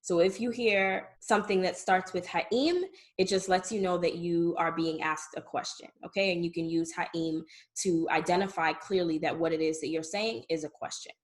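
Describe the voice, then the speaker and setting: A woman's voice: fairly low pitch, fairly even intonation, moderate pace, hardly any pauses. Patient woman teaching a language lesson. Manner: patient, explanatory, frequent "okay?" checks. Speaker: Hebrew teacher. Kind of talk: explaining lesson to camera.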